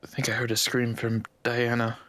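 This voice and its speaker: A man role-playing his character in a tabletop game, speaking in an earnest, halting way. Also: medium pitch, monotone, a bit bright, no echo. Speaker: player.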